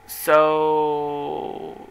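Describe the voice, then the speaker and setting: A man's voice: a little high, completely flat delivery, very slow, creaky, slight background noise, poor audio. A young man telling a personal story in an emotional, rambling way, with many restarts. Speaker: vlogger.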